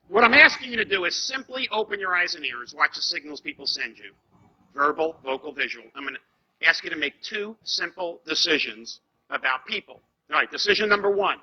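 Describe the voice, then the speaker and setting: High, bright-voiced male seminar trainer. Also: breathy edge. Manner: animated, rhetorical questions to the audience. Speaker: corporate trainer. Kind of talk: seminar lecture to a live audience. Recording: dull lo-fi seminar recording.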